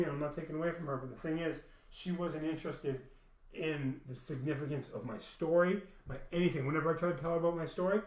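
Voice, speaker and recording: A man's voice: a little high, roomy sound, poor audio. A man rambling through an emotional personal story, repeating himself and swearing often.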